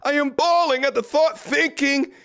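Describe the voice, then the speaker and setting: A man voicing an obsessed male fan in a high, loud, rushed mocking whine. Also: steady tone. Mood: whining, pleading. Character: lovesick obsessed male fan, whiny and pleading.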